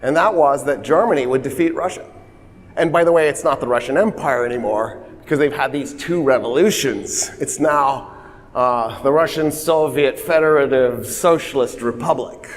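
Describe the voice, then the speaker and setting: A man telling history in a casual, lively way, slipping into voiced asides. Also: medium pitch, moderate pace. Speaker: history explainer. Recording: long reverb.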